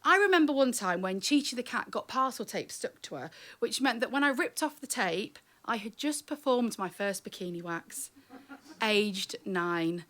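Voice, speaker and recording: A woman's voice: a little high, lively intonation, moderate pace, a bit bright. A woman performing comic spoken-word storytelling live, wry and chatty, teasing the audience.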